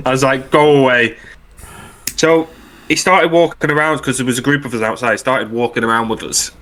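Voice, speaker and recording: A man's voice: medium pitch, fairly quick, fairly bright tone. A man hosting a podcast, telling anecdotes in casual chat and acting out the quotes. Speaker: podcast host.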